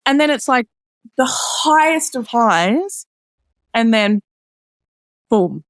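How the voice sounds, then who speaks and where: A woman's voice: animated, slow pace, dry recording. Woman on a podcast, chatty, tons of "like", pops her voice up when quoting ppl, dry sound. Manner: chatty, many "like" fillers; acts out others' lines in a higher voice. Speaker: podcast guest. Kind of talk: personal storytelling in casual chat.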